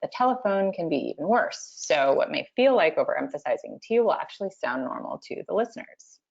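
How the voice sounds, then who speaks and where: A woman co-hosting a webinar, reading a short text aloud with deliberate emphasis and chatting over a video call. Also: low voice, very animated, vocal fry. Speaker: webinar co-host. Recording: dull lo-fi video-call audio.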